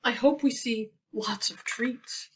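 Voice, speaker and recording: A woman's voice: fairly high pitch, slow, distant mic, a little hiss or hum. A woman voicing a cheerful, easygoing male duck in a storybook read-aloud. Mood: upbeat.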